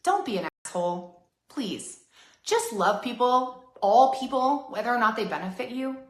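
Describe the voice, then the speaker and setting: A woman's voice: fairly high pitch, animated, moderate pace, echoey room. A woman ranting on a live video, sassy and feisty, rambling and laughing as she talks to her followers. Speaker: MLM seller on a live video. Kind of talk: livestream rant.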